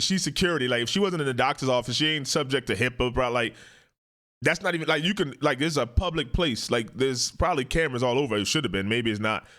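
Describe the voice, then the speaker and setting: A man hosting casual commentary on a court video, animated and drawling, often jumping into high mocking impressions. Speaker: host.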